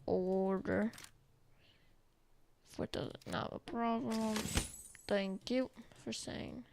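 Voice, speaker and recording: A woman's voice: mid-range voice, drawn-out words, vocal fry, darkish tone, slight background noise. A woman giving casual gaming commentary, rambling playfully and thinking aloud. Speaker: gaming streamer.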